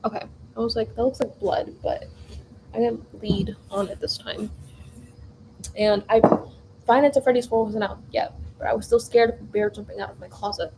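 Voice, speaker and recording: A woman's voice: mid-range voice, steady tone, moderate pace, vocal fry, pauses often, background noise. A young woman vlogger in a home kitchen, telling a long casual story while baking, rambling with lots of fillers and restarts.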